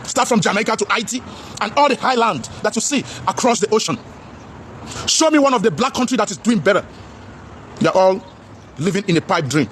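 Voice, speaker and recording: Loud, fast Nigerian man preaching. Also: high-pitched, expressive, a little hiss or hum. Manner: preachy, loud, repetitive, talks straight to viewers as brother; mixes English with Pidgin. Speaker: commentator. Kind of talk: impassioned vlog commentary.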